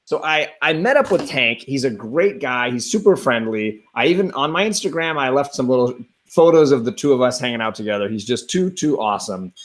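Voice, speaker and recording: A host with an expressive mid-range voice leads a casual chat at a fairly quick pace, enthusiastic and rambling, frequently restarting his sentences.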